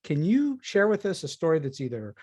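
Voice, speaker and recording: A man's voice: on the high side, big pitch swings, brisk, mellow. A man hosting an interview podcast, asking rambling questions and laughing often. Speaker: podcast host.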